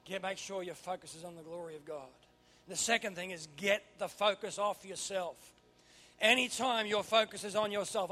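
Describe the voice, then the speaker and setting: A man preaching a sermon, swinging from quiet asides to loud emphatic bursts. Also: sits high, steady tone, fairly quick. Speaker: pastor.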